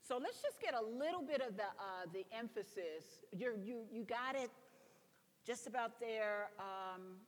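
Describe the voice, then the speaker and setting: A woman's voice: a little high, animated, unhurried, in a large hall. A woman coaching a choir through a gospel song, speaking her instructions and breaking into sung demonstrations. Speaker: vocal coach teaching a choir. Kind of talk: singing lesson.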